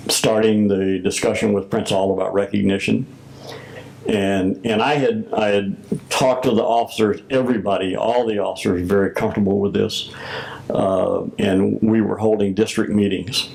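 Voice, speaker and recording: An older man with a low voice and a gravelly edge tells his story at an unhurried pace. He recalls old conversations and plays out both sides of each exchange as he goes. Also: darkish tone, poor audio. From United States. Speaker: former Masonic grand master. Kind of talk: oral history recollection.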